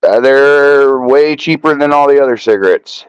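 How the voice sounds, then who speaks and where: A man on a live stream panel, talking loud and coarse in casual chat, shouting into his microphone. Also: medium pitch, moderate pace, clean tone, no echo, highs cut off.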